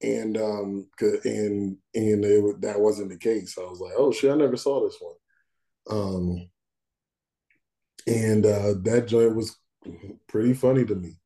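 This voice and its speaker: A man co-hosting a podcast in casual chat, animated and slangy, laughing often. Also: lowish voice, unhurried, long pauses. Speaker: podcast co-host.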